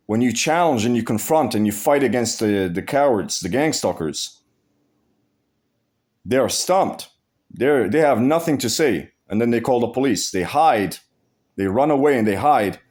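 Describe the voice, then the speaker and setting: A man's voice: mid-range voice, expressive, unhurried, pauses often, a little mellow. A man vlogging to camera, telling a story bluntly with lots of swearing, restarting and repeating his phrases. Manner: blunt, profane, repetitive storytelling. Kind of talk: casual vlog monologue.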